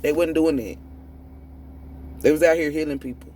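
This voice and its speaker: A woman's voice: low voice, normal speed, mellow, a little hiss or hum. A woman tarot reader delivering a profane, preachy spiritual rant, emphatic and prone to repeating and restarting words when fired up. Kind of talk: ranting spiritual monologue.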